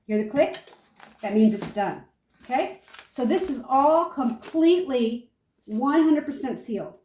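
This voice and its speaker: A woman's voice: high voice, measured pace, distant mic, a little hiss or hum. Chatty older woman in an echoey room. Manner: chatty, animated storyteller, talks viewers through each step. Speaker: homesteader demonstrating food storage. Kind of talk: casual how-to and storytelling.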